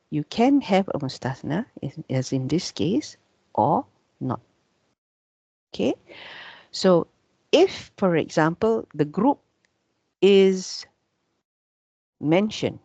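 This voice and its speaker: A woman's voice: lowish voice, dark tone, husky, no echo, dull audio. A woman from Malaysia, teaching an online grammar class and patiently repeating points, checking in with "yeah?" between them. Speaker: Arabic teacher.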